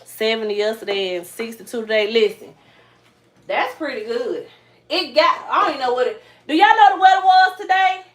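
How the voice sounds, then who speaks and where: In an echoey kitchen at home, a chatty Georgia mom and vlogger talks briskly to her live-stream viewers in a fairly high voice. Her Southern drawl is relaxed and casual, captured by a phone on a tripod with faint background noise.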